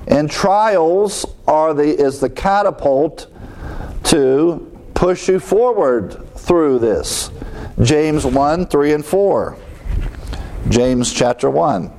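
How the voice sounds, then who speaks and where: A man preaching a sermon, acting out quick inner voices with sighs and exclamations. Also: fairly high pitch, animated, darkish tone, a little hiss or hum. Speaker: pastor.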